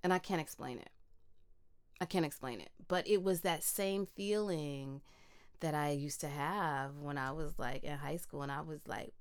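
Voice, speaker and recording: A woman talking in an animated, casual conversation, full of "like" and loose swearing. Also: sits low, moderate pace, clear, resonant tone.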